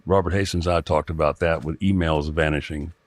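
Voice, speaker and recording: Middle-aged man, deep dry voice, halting storyteller full of restarts. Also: steady tone, no room sound. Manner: halting, with frequent restarts and fillers. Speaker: guest telling a personal experience. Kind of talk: rambling first-person storytelling.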